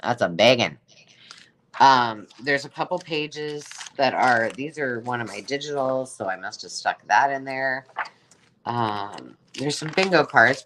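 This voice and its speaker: A woman's voice: very deep voice, lively intonation, unhurried, fairly bright tone, a little hiss or hum. A woman hosting a casual live sale of craft supplies, chatting in a rambling way and exclaiming over each item she pulls out. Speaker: host selling craft supplies.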